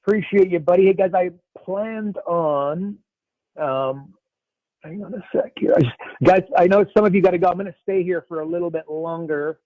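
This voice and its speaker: Upbeat coach guy on a call, slangy, bit high voice, tinny dry phone sound. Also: moderate pace, no room sound. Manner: upbeat, slangy, addresses callers as buddy and man. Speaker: business coach hosting a live call.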